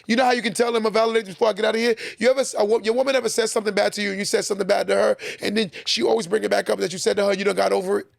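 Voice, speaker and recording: A man hosts a podcast and lectures his listeners on relationships, hammering each point home by saying it again. His voice sits high and is thick with gravel. The sound is close and dry, with no room around it. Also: steady tone, rapid-fire, hardly any pauses, dry recording. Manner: preachy, repeats points for emphasis. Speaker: podcast host. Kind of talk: advice talk to listeners.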